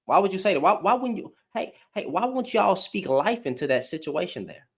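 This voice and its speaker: Guy ranting on his vlog, high voice that jumps all over, cussing and asking y'all questions. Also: big pitch swings, brisk, vocal fry, slightly rough. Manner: blunt, profane, rhetorical questions. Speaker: commentary vlogger. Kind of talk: casual opinion rant.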